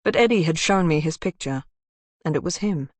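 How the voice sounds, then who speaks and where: A woman voicing a calm, menacing male crime boss in an audiobook, speaking in a cool, measured and quietly threatening way. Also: fairly high pitch, no echo.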